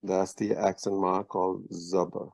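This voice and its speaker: A man's voice: low voice, flat delivery, measured pace, vocal fry, darkish tone, no echo, poor audio. A man teaching a language lesson over a video call, explaining letters patiently and methodically. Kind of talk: online lesson explaining script.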